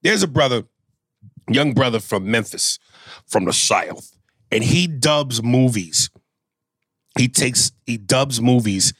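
A man's voice: mid-range voice, animated, slow, pauses often, fairly bright tone, no echo, clean studio sound. A man co-hosting a casual podcast chat, joking loosely and swearing freely. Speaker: podcast co-host.

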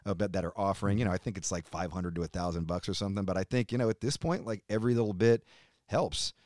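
A man's voice: sits low, fast, darkish tone, dry recording. A middle-aged American man ranting heatedly and profanely in a casual interview chat. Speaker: podcast guest, metal musician.

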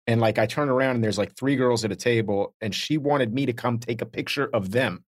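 Husky man telling self-deprecating stories. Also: mid-range voice, a little fast, dry recording, studio quality. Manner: self-deprecating storyteller, acts out quoted voices. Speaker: podcast co-host. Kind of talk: casual chat, telling anecdotes.

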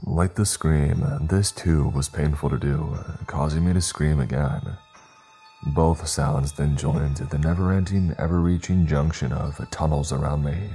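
A man's voice: very deep voice, fairly even intonation, unhurried, mellow, faint music behind. A man reading a scripted first-person horror story with dramatic, tense storytelling. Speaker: narrator.

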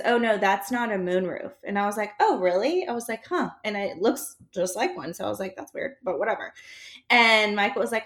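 A woman telling a story in easy, casual chat. She is animated and acts out every line of dialogue, with laughs mixed in. Her voice sits at a middle pitch.

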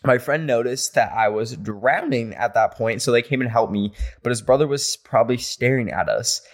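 A man hosting a podcast, reading listener stories aloud and reacting playfully with animated asides. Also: mid-range voice, moderate pace. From rural area. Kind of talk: casual podcast chat.

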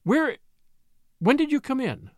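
Frail scared widow lady done by a guy reading, high pitched and gasping, dry close sound. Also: huge pitch swings, normal speed, a little mellow, dry recording. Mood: desperate. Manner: desperate, breathless pleading. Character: frail frightened widowed woman rancher.

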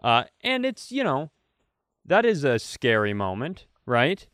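A man's voice: medium pitch, a little slow, no room sound, clean studio sound. A middle-aged man, a comedian co-hosting a podcast, telling a story casually, acting out quotes with plenty of fillers. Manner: animated, acts out quotes with fillers.

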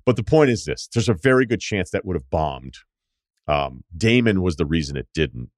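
A man's voice: low-pitched, expressive, normal speed, dry recording, studio quality. A man hosting a podcast, telling a rambling, profane anecdote in a casual storytelling way. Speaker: podcast host.

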